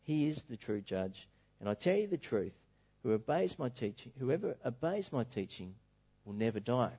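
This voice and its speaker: A calm, solemn male teacher speaks in a low, measured way, as a preacher reads his words. The voice is softer and lower than the preacher's usual talk. The recording is muffled and lo-fi. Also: husky. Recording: dull lo-fi recording.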